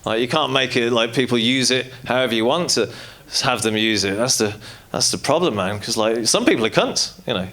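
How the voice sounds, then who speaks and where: A man's voice: mid-range voice, fairly quick. Rambling, profane male stand-up comedian. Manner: rambling, casual and profane, full of fillers. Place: comedy club stage with audience. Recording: live comedy club with loud audience.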